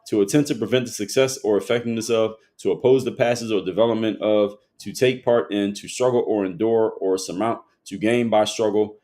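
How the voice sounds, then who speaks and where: A man's voice: lowish voice, darkish tone. A man hosting a livestream, reading chat comments aloud and arguing back at them in a lecturing way. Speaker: livestream host.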